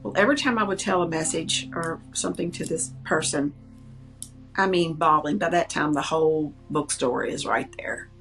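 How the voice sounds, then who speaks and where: Low-voiced woman medium telling a story. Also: normal speed, faint music behind. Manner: earnest, animated, acts out the people she quotes. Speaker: psychic medium. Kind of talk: personal storytelling.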